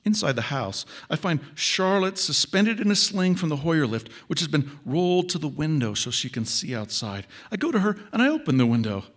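Man reading his fiction aloud. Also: fairly high pitch. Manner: measured, expressive first-person narration. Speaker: author.

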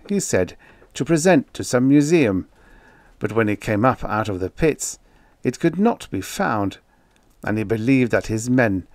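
Male audiobook narrator, low voice, measured and grave, dry studio sound. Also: a little mellow, no room sound. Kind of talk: scripted first-person narration of a horror story.

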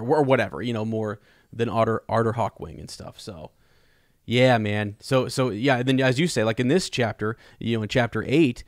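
A man's voice: medium pitch, dry recording. A man with a mid-range voice chats casually about a novel on a podcast, filling his sentences with "you know" and "like". The recording is dry and close. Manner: loose and chatty, lots of "you know" and "like". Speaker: podcast co-host. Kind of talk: casual book discussion.

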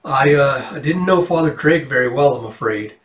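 A man's voice: mid-range voice, expressive, moderate pace, natural voice. A man doing a shy, stammering disguised hero. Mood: hesitant. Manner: hesitant, stammering. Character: shy hulking male hero in disguise, hesitant. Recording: roomy, distant mic.

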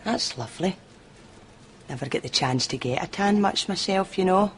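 A woman's voice: lowish voice, animated, moderate pace, close to an everyday voice. A woman with a Scottish accent playing a lonely, needy shop assistant who flirts with a customer, in a TV sketch. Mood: flirty. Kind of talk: television sketch comedy. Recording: studio audience laughter, background noise.

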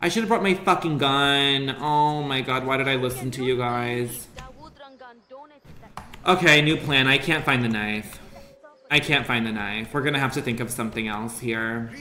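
Young male streamer, crude rambling humor, bright voice, echoey room. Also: mid-range voice, moderate pace. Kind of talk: casual gaming stream commentary. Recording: roomy echo with faint ambient noise.

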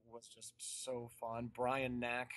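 A man's voice: medium pitch, monotone, slow pace, fairly bright tone. A man telling a story in casual podcast chat, rambling, with restarts. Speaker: guest musician.

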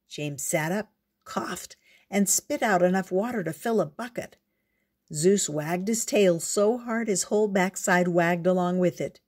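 A woman reading a picture book aloud in a gentle, unhurried storyteller's way. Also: lowish voice, slightly rough.

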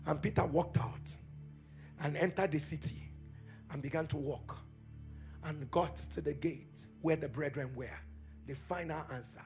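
A man preaching a charismatic sermon, swinging between quiet teaching and shouted, chanted prayer declarations. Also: fairly high pitch, normal speed, long pauses, soft background music. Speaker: pastor.

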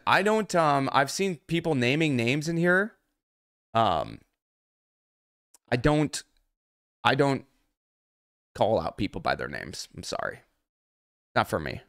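Angry and loaded with profanity, a man who mentors traders rants during a livestream. His mid-range voice has a fairly bright tone, recorded cleanly in a studio without echo.

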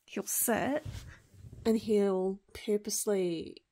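A woman's voice: medium pitch, takes it slowly, mellow. A woman in her thirties chatting casually at home about books, rambling with lots of fillers and restarts. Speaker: book vlogger. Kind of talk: casual chat.

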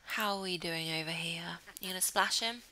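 Bright-voiced woman gaming. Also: lowish voice, moderate pace, slight background noise, low-quality recording. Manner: chatty, coos affectionately at the game characters. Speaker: gaming channel host. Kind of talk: casual gameplay commentary.

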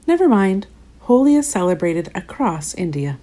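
A woman reading a gentle magical owl. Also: mid-range voice, very animated, normal speed. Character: kind, patient magical bedtime owl, male. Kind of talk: storybook read-aloud.

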